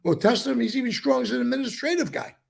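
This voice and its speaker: A man as an interview guest, recounting and explaining events with emphatic, animated storytelling. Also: very high-pitched, racing, vocal fry, breathy edge.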